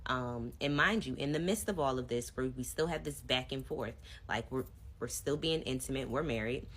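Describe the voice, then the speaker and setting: A woman in her thirties telling a personal story to her viewers in a casual, animated way. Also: a bass voice, moderate pace. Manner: animated storytelling, acts out both sides of arguments; casual, addresses viewers directly. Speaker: vlogger. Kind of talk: storytime vlog.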